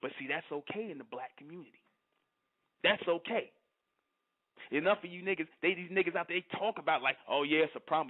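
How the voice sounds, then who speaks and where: Fiery male radio host on a phone line. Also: fairly high pitch. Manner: fiery, repeats "you understand" constantly. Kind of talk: preaching monologue on internet radio. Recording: tinny phone-line audio.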